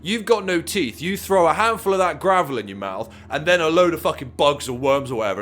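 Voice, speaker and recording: A man's voice: a little high, expressive, fairly quick, few pauses, fairly bright tone, slight background noise. A young man co-hosting a casual comedy chat. He reads animal facts aloud, riffs on them and swears often. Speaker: podcast co-host.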